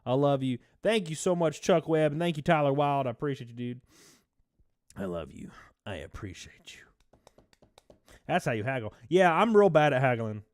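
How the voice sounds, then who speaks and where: Casual, slightly high-voiced male streamer. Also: expressive, brisk, hardly any pauses, dry recording, clean studio sound. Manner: casual, swearing, laughs often, reads chat aloud. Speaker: live streamer. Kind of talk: casual live stream chat.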